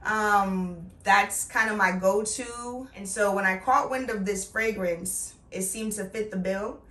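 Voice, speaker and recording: A woman's voice: mid-range voice, measured pace, a bit bright, recorded from a distance. Chatty woman in an echoey room. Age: middle-aged. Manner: chatty, playful and emphatic. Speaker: beauty vlogger. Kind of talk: casual product review.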